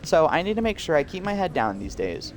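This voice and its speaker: A friendly, lovestruck donkey prisoner, voiced by a man in a video game. He talks eagerly in a raised, lively voice, gushing about the outside. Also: fairly high pitch, brisk, pitched above the performer's own voice. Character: friendly talkative male donkey inmate. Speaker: game character.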